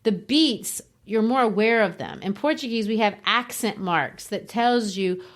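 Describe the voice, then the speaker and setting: A middle-aged woman co-hosts a casual literature podcast, explaining verse rhythm the way a teacher would and tapping out the beats. Her voice is expressive and medium-pitched, and she speaks at a measured pace.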